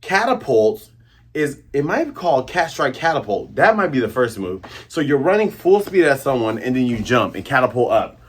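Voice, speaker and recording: A man hosting a casual manga chapter review, excitable and acting out scenes as he goes. His voice is husky and a little breathy. His pitch swings widely and lively. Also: normal speed. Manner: animated, excitable, acts out scenes.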